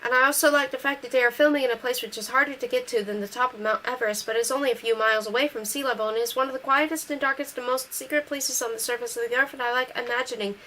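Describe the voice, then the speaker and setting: A woman reading a novel aloud in steady first-person narration. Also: a little high, very fast, hardly any pauses, a little hiss or hum, poor audio. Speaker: audiobook reader.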